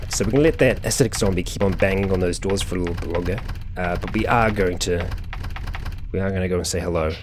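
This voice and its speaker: A man with a fairly low voice talks through a video game session as its host. He thinks out loud and leans on casual fillers as he plays. A faint hiss sits under the recording. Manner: chatty, thinking aloud, frequent fillers. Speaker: let's play host. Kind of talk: gameplay commentary.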